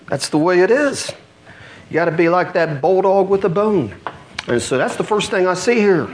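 A middle-aged man preaching a sermon, telling the story with acted-out voices and rising intensity. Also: medium pitch. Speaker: pastor.

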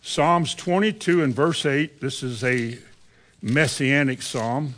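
A man's voice: medium pitch, slow pace, a bit bright, a little hiss or hum. A man in his seventies preaching a conversational sermon, full of rhetorical questions and wide swings in delivery. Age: 70s.

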